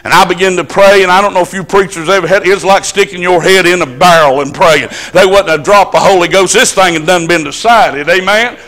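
A man's voice: sits high, brisk, few pauses, pushed and bright. A man preaching at a church service, telling stories in a folksy, emphatic country way. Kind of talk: storytelling sermon.

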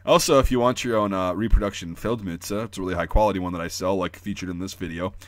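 A young American man talks casually with a lowish voice, rambling on and freely sharing his opinions. The sound is dry and close, with no room echo. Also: quick pace. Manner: rambling, filler-heavy, opinionated. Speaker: militaria channel host. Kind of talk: casual explainer talk.

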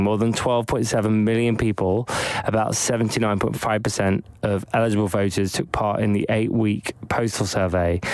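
Male podcast host, tipsy, excitable, dry close sound. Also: lowish voice, no echo, low-quality recording. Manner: excitable, gushing. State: tipsy after drinks. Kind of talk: casual podcast chat.

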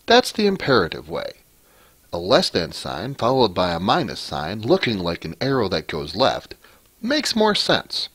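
A man with a low voice hosts a casual programming tutorial, thinking aloud as he works. He rambles, restarts his sentences and corrects himself. He is recorded dry and close, with keyboard typing heard behind him. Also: huge pitch swings, a little slow, a bit bright, slightly rough, dry recording. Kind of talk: casual screencast coding lesson.

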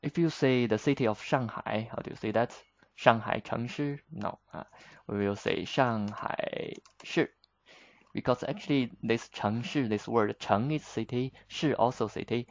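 Slow, gravelly man teaching. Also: medium pitch, no echo, low-quality recording. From China. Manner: unhurried, patient, slips between English and Chinese with frequent fillers. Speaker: Chinese teacher. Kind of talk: explaining vocabulary in a lesson.

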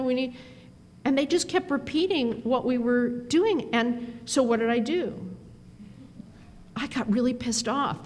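Woman telling stories in a reverberant hall. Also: a little high. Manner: animated, self-deprecating, quick asides. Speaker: conference keynote speaker. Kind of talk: storytelling speech. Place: performance hall. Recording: long hall reverb, faint ambience.

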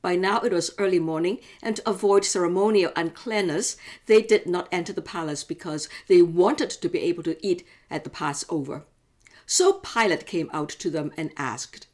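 Female devotional host, calm scripture reader. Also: fairly low pitch, moderate pace. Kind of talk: scripture reading.

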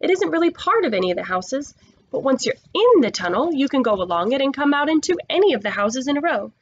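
A woman voicing an eager young schoolboy who is full of ideas and talks excitedly. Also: sits high, fast talker, highs cut off.

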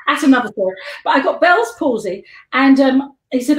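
A woman's voice: sits high, animated, a little fast. An older woman with a London accent telling rambling anecdotes as a guest on a video call, chatty and giggly, jumping between tangents. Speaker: guest and life model. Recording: echoey room on a live stream.

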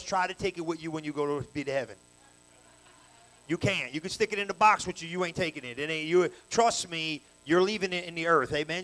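A man preaches at a church service, his voice sitting notably high for a man. He tells stories in loose, slangy talk and builds to loud, energetic bursts. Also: rough recording. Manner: colloquial, story-telling preaching with slang. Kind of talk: sermon.

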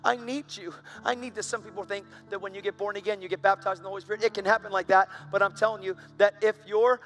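A man's voice: sits high, flat delivery, quick pace, a bit bright, faint music behind. A man preaching a live sermon in church, telling his story in an earnest, emphatic and intense way. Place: church service on stage.

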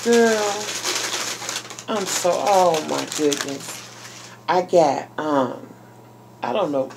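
A woman vlogger chatting casually while unboxing a package, talking excitedly to her viewers. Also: low voice, drawn-out words, creaky, background noise. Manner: chatty and exclamatory, addressing viewers as y'all. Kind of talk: casual unboxing vlog chat.

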